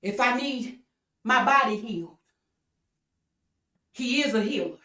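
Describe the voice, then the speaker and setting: A woman's voice: a little high, lively intonation, measured pace, pushed and bright. A woman preaching an online sermon, repeating phrases in a call-and-response rhythm with stammered restarts. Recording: echoey room, voice from far off mic.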